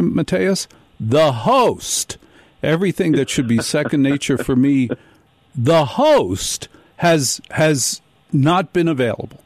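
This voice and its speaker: A man hosting a radio show, telling a comic story in an animated way and acting out the people in it. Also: medium pitch, no echo. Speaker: radio host. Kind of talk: comedic radio monologue.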